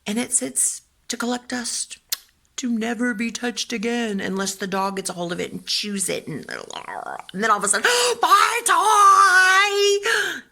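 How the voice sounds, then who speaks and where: An older woman, a children's book author and grandmother, telling a lively story in casual talk and acting out voices as she goes. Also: mid-range voice, normal speed, gravelly. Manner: animated, chatty, acts out voices.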